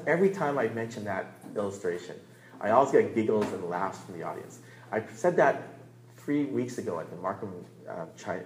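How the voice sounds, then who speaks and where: A man's voice: fairly low pitch, slight background noise. A man teaching as a pastor in a church room, earnest and emphatic, stressing and repeating key words. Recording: echoey room.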